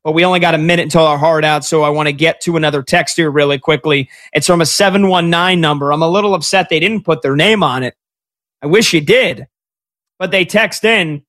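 Man in his thirties, sports radio host, high bright voice, excitable. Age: 30s. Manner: excitable, fast-talking fan. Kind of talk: sports talk radio show.

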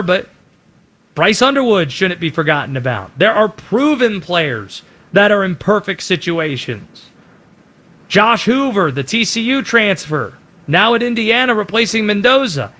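A man hosts a sports segment, his voice sitting high for a man. He moves briskly through lists of names and firm opinions in a steady commentary style. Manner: brisk, opinionated delivery with quick name lists. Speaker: sports show host.

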